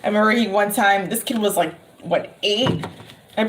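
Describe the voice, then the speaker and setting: A woman's voice: medium pitch, animated, normal speed. A woman giving a casual tarot reading, chatting and laughing often between remarks. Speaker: tarot reader. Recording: noticeable background noise.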